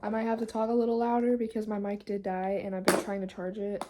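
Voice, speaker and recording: A woman's voice: mid-range voice, monotone, fast talker, very noisy. A young woman chatting at home in a casual vlog, anxious and rambling. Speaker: vlogger.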